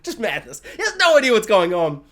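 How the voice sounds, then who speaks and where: A man ranting casually in a show review, excitable and rambling with lots of fillers. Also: high-pitched, brisk.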